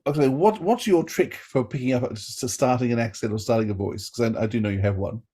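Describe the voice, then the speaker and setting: A man co-hosting an audio podcast, encouraging and gently teasing his guest. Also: mid-range voice, a little fast, husky. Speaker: podcast co-host. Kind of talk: casual interview chat.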